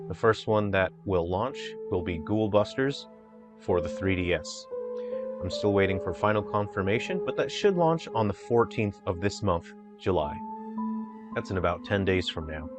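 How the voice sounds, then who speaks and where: A man who develops indie games, giving an earnest, unhurried, plain-spoken video update. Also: low voice, over music.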